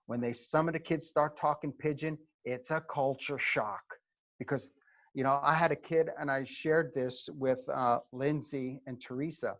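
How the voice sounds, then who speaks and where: A middle-aged man, a former Army first sergeant, tells stories to advise students. He often stops to check in with "okay?". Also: on the high side. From New York. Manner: animated storyteller, frequent "okay?" check-ins. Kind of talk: conversational seminar talk. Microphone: video call. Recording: lo-fi video call audio.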